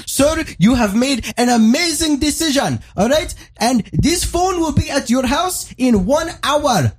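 Shrill screaming Indian salesman. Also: lively intonation, a little slow. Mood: gushing. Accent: imitated Indian English. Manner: screaming, overeager sales pitch. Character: shrill pushy male Indian call-center salesman.

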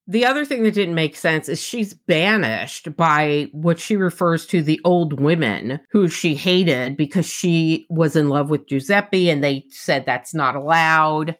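Lowish-voiced woman retelling a book. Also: a little slow, hardly any pauses. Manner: animated retelling, acts out quotes, candid and profane. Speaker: book podcast co-host. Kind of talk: casual book discussion.

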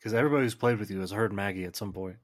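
A man's voice: on the low side, racing. A young adult man co-hosting a podcast in casual chat, joking and chatty as he laughs along. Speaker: podcast co-host.

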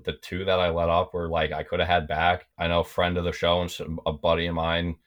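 A young man with a very low, deep voice tells loose, rambling stories, peppering them with "like" and doubling back on his words. He talks as a podcast guest, easygoing and unpolished. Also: monotone, fairly quick, a bit bright. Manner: rambling, repeats words, lots of "like". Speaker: podcast guest, former college backup goalie. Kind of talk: casual storytelling.

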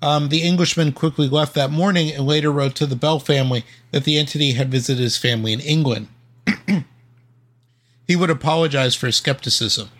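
A man's voice: on the high side, a little fast, a bit bright. A man co-hosting a podcast, reading a ghost story from notes with many ums and uhs.

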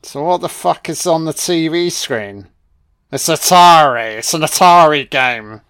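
A man's voice: on the high side, measured pace, clean tone. A man giving a sarcastic, foul-mouthed comedic commentary on a film. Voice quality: sweary, sarcastic, deadpan. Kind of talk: profane comedic movie commentary.

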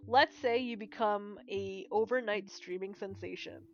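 A woman co-hosting a gaming podcast in casual chat, exclamatory and quick to swear. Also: medium pitch, muffled recording. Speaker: podcast co-host.

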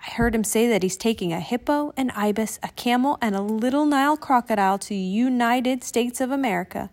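A woman reading a storybook aloud, voicing a loyal male bird in a calm, reassuring way. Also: a little high, a little fast, close to an everyday voice.

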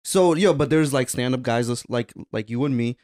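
A man's voice: medium pitch, moderate pace, a little mellow. A man in a casual podcast chat, slangy and joking, saying "yo" a lot.

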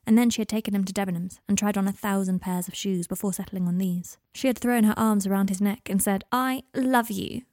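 A woman narrating a story in a calm, measured reading voice. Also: mid-range voice, dry recording, studio quality. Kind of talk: audiobook narration of fan fiction.

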